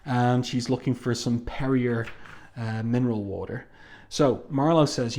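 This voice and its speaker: A man at a middle pitch talks through a comic book in a relaxed, unscripted way. He pauses often with ums and uhs as he walks through the story. The recording sounds like it was made at home. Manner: unhurried, frequent ums and uhs, reads comic dialogue aloud. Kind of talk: casual spoken review.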